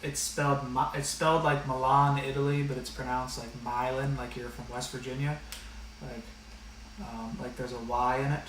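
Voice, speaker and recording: A man's voice: medium pitch, steady tone, moderate pace, a little hiss or hum. A man teaching an online math class and going over the rules, talking in a casual, direct way with a lot of fillers. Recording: echoey room, slightly distant mic.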